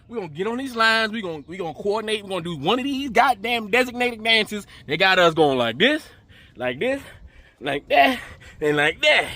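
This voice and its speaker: A man's voice: high-pitched, pushed and bright, no echo. A man hosting a commentary channel, ranting with profanity and emphatic repetition. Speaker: commentary host.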